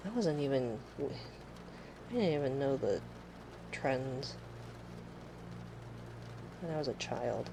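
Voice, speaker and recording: A woman's voice: rumbling low, animated, takes it slowly, vocal fry, pauses often, background noise. A woman in her thirties chatting casually on a live stream, rambling and sarcastic, swearing freely.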